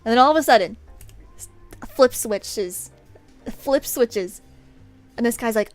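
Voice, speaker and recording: Animated young woman telling a work story. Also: a little high, measured pace, pauses often, faint music behind. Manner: animated, exasperated, laughs often. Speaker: streamer. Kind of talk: casual storytelling. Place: home streaming room. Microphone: desk USB microphone.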